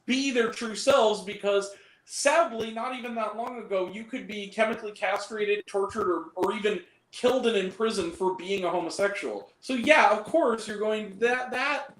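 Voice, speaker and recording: A man's voice: sits high, normal speed, fairly bright tone. A man chatting as a guest on a casual stream, telling stories animatedly and laughing often. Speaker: guest on a film talk stream. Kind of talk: casual chat. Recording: echoey room with faint noise.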